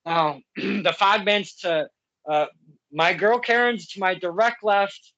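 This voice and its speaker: A man's voice: sits high, slow. A man hosting a casual interview, telling stories with lots of laughs and acting out the other side of the talk. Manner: animated storyteller, acts out quotes, laughs often. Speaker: podcast host. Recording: dull lo-fi sound.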